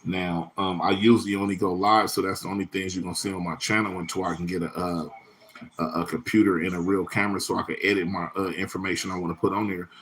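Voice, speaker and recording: A man's voice: sits low, level tone, quick pace, a bit bright, slight background noise. A man hosting his own livestream in a loose, rambling, profane way, full of slang and answering viewers' chat comments by name. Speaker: livestream host.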